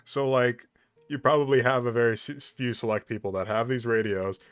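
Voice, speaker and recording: A man's voice: mid-range voice, fairly even intonation, brisk, clean tone, faint music behind. A man hosting a casual writing chat, emphatic and opinionated, laughing often.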